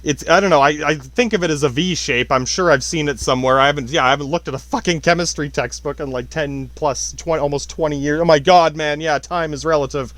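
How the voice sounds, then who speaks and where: Podcast host, man in his thirties, high voice, dry close sound, rambling and profane, keeps cutting himself off. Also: fast talker, hardly any pauses, a bit bright, no room sound. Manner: rambling, profane, self-interrupting, laughs often. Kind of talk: rambling profane monologue on science.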